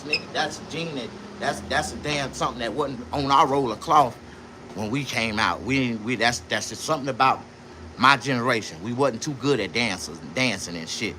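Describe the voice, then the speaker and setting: A man talking on a live stream from inside his own shop in a casual, boastful, profane, rambling way, jumping between loud bursts and low mutters. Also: noisy background. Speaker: livestreamer and shop owner.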